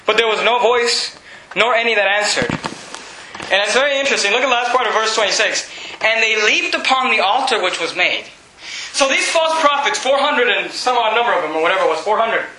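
A man preaching a sermon, reading scripture and mocking false worship with shouted impressions and laughs. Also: high voice, expressive, brisk, echoey room, slight background noise, low-quality recording. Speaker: pastor.

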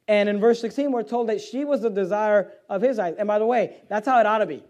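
High-voiced male preacher, loud then hushed. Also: brisk, hardly any pauses. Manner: swings from quiet low stretches to loud, high-pitched exhortation; reads scripture aloud in old-fashioned phrasing. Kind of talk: evening sermon.

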